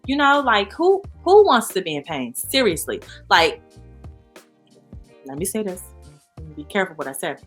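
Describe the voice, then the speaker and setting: A woman speaking as an interview guest in a candid, animated way, full of "you know" and "like". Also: mid-range voice, moderate pace, long pauses, breathy edge, soft background music. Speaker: guest, founder of a support organization. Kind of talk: casual interview chat.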